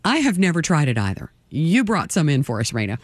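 A woman public radio host talking through a fund drive segment with an animated, expressive delivery. Her pitch swings widely as she chats. It is recorded close and dry on a studio microphone. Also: brisk, no echo. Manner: lively, expressive, chatty. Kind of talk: on-air fund drive chat.

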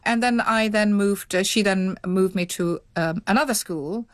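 A woman's voice: mid-range voice, unhurried, no room sound. Thoughtful woman recalling her past. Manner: thoughtful, hesitant, with many restarts. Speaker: interviewee. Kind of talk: reflective recollection.

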